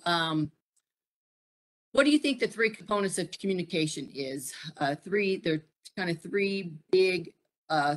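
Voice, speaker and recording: A middle-aged woman presenting a live-streamed workshop, pausing often with fillers and putting questions to her audience. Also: low voice. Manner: frequent fillers and pauses, asks the audience questions. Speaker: presenter at a military family program.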